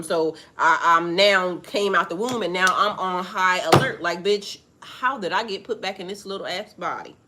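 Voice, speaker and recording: A woman giving a casual spiritual monologue to her viewers, profane and animated, laughing often. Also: mid-range voice, moderate pace, hardly any pauses. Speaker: spiritual reader.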